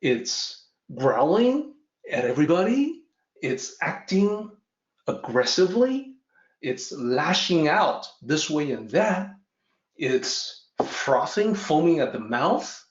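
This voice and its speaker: Male teacher telling a story: measured, with an animated pitch, in an echoey, lo-fi recording. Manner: measured, explanatory. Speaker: Tao teacher. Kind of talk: storytelling lesson. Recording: roomy, dull lo-fi audio.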